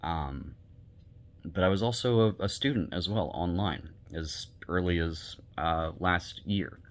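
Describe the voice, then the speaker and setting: A man's voice: deep voice, measured pace. A male teacher giving a recorded online lecture, talking bluntly and conversationally with many fillers.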